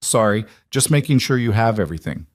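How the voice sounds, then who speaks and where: A man voicing an anxious, gentle father in his thirties who speaks reassuringly. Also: on the low side, expressive, fairly quick, dry recording, clean studio sound, close to an everyday voice.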